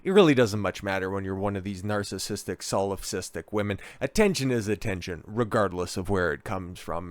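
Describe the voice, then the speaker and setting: A man hosting a commentary vlog, speaking in a sarcastic, scornful and animated rant. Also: lowish voice, fairly quick, hardly any pauses, no echo. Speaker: commentary host.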